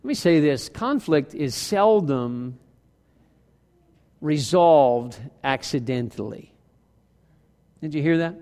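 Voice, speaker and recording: A man preaching a sermon as worship leader, conversational and animated, acting out quotes from everyday life. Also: on the high side, slow, pauses often, smooth, in a large hall. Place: church sanctuary.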